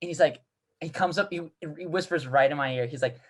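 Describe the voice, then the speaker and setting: A man's voice: on the high side, fairly quick, fairly bright tone. A man co-hosting a comedy podcast, rambling through a casual anecdote with lots of restarts. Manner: rambling, restarts, laughs through his stories. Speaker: podcast co-host.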